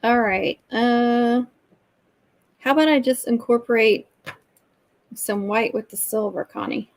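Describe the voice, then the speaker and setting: A woman's voice: a little high, measured pace, gravelly, poor audio. A woman with a Southern American accent, chatting casually to viewers while she crafts on a livestream.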